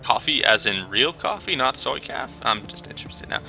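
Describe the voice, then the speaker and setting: Bright-voiced man reading through a game. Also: medium pitch, animated, moderate pace, hardly any pauses, faint music behind. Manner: self-deprecating, stumbles over names. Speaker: let's play gamer. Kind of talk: casual game commentary and reading aloud.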